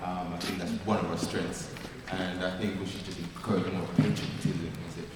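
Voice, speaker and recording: A man at a community forum speaking hesitantly, with frequent pauses and fillers. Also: low voice, little pitch movement, very noisy. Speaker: forum participant. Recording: echoey hall, distant mic.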